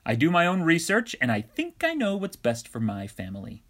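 A man's voice: on the high side, wildly swooping pitch, moderate pace, fairly bright tone, voice pushed up, full character voice. A man voicing a stubborn, protective mother who is defiant and self-righteous.

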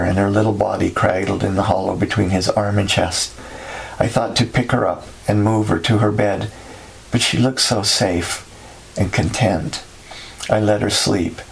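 A man narrating a story in a steady, somber way. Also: fairly low pitch, gravelly, slight background noise, low-quality recording.

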